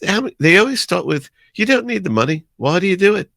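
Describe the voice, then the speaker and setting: Older guy putting on a laid-back rock legend voice, way higher than his own, kinda amused. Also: lively intonation, quick pace, gravelly, a bit bright, no echo, clean studio sound, full character voice. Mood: wry. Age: 60s. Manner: playful imitation with a raised pitch.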